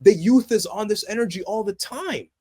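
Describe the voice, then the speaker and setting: Passionate young man, slightly high voice. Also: moderate pace, breathy edge. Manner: animated, passionate, swings between loud excitement and low earnest tones. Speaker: podcast co-host. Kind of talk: casual movie review chat.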